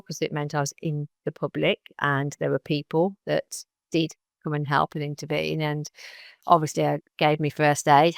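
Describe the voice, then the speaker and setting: Her low voice comes through a dry recording with clean studio sound. Appearing as a guest on a podcast, the woman recounts her story in an animated retelling, acting out the lines of other people as she goes.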